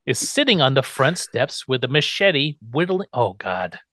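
Lively laughing podcast host, man. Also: mid-range voice, measured pace, no echo. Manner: lively, laughing, puts on character voices while recapping. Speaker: podcast host recapping an episode. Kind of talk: casual chat.

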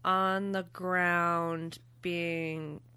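A woman's voice: fairly low pitch, flat delivery, extremely slow, bright, forceful tone, clear, resonant tone, no room sound. A woman retelling a story in casual chat with friends, laughing as she goes. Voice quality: laughs often while telling a story. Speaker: podcast co-host.

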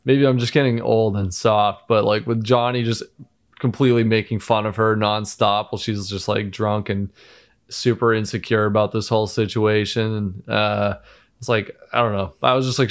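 A man's voice: lowish voice, flat delivery, normal speed. Wry man co-hosting a casual recap. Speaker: podcast co-host.

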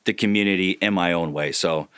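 A man's voice: low-pitched, fairly quick, a bit bright, clean tone, dry recording. A man co-hosting a podcast, chatting casually and swearing freely, a voice actor who slips into impressions.

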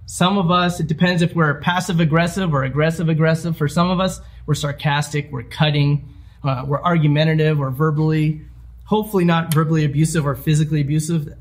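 Young male pastor, relaxed conversational sermon delivery with playful asides, voice sits a little high. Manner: conversational preaching with quick asides and acted-out quotes.

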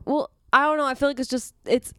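A woman's voice: high-pitched, fast talker, dry recording. A young woman chatting casually, telling stories emphatically. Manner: animated, emphatic storytelling. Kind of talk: casual chat.

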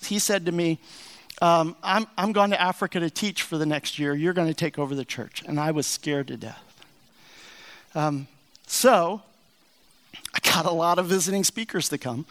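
A middle-aged American pastor tells a story from the pulpit, earnest and folksy, with plenty of fillers. His voice sits fairly high and sounds smooth and clear. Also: fairly bright tone. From United States. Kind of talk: sermon with personal story.

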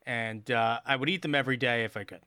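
A man's voice: medium pitch, fast, sharp tone, clear, resonant tone, no room sound, clean studio sound. A man chatting casually, telling rambling stories with mock outrage. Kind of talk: casual chat.

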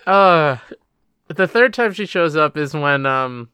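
A man's voice: a little high, pushed and bright, smooth, no room sound. A man co-hosting a casual film podcast, enthusiastic and easily moved, laughing often. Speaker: podcast co-host. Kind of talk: casual chat about a film.

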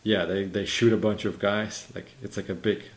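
A man chatting casually about movies, halting and repeating words as he retells scenes. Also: lowish voice, flat delivery. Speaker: conversation partner. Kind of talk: casual chat about films.

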